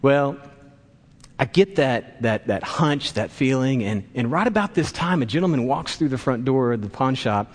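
A man's voice: medium pitch, lively intonation, moderate pace. Man preaching in a reverberant hall. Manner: storytelling, acts out voices in quotes. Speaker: pastor. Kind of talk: sermon with an anecdote.

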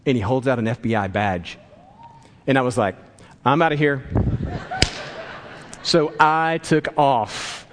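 A man's voice: mid-range voice, animated, unhurried, noisy background. Pastor, male, storytelling sermon, voices the people in his anecdote, long hall reverb. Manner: storytelling, acts out voices in quotes.

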